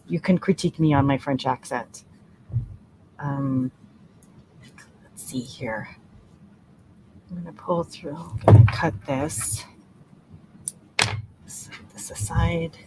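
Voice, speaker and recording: A woman leading a relaxed crochet-along tutorial, chatting and laughing, counting stitches aloud softly. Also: low-pitched, a little hiss or hum. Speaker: crochet teacher. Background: soft relaxing music.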